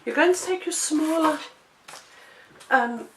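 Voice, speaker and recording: Chatty crafter, winded from a chest cold, slightly high voice, distant mic with a noisy background. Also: female voice, slow pace, echoey room. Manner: chatty, self-deprecating, talks while working. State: out of breath, coughing. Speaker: craft tutorial presenter. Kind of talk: chatty step-by-step craft demonstration.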